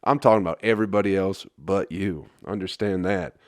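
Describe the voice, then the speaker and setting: Hungover man ranting, low dry voice. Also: fairly quick, darkish tone, no room sound. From Flint, Michigan. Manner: profane, exasperated ranting. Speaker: comedian podcast host. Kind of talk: solo rambling podcast rant.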